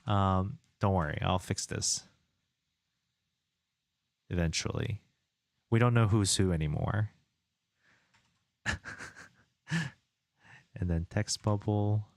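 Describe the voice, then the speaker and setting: A man's voice: deep voice, slow, creaky, long pauses, no echo. A man streaming his indie game development, chatting casually, muttering to himself and reading viewer chat aloud while he works.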